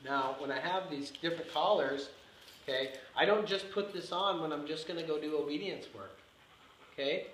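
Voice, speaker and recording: A man's voice: on the high side, moderate pace, fairly bright tone. A man teaching dog training in a live demonstration, talking emphatically and repeating his points. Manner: repetitive, emphatic, marking with "yes". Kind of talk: instructional demonstration. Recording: echoey room with faint background noise.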